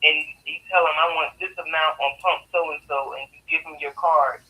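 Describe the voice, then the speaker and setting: A man's voice: a little high, fairly even intonation, normal speed, bright, forceful tone, rough recording. A man joining by phone who chats, giggles and shares his own experience.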